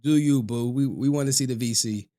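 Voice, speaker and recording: A man streaming reaction commentary in an animated, profane way, often breaking into laughter. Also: medium pitch, fairly quick.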